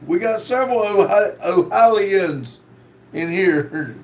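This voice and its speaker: A man hosting a casual livestream, reading viewer comments aloud in a slow drawl. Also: high voice, lively intonation. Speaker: livestream host reading chat.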